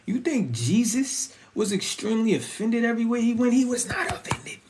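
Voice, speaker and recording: Over slight background noise, a young Christian vlogger speaks at normal speed in an extremely high-pitched voice. His monologue on faith and relationships is casual, animated and full of slang, and he keeps asking if listeners feel him.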